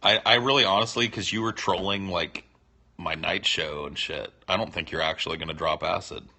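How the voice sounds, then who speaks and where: Male stream host, deep and gravelly; loose, teasing, profane chatter. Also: brisk, pushed and bright. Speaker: livestream host answering chat. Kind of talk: casual unscripted chat.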